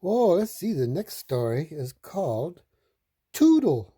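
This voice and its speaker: A woman reading children's picture books aloud in a slow, expressive, sing-song way. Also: sits low, husky. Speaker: storytime reader.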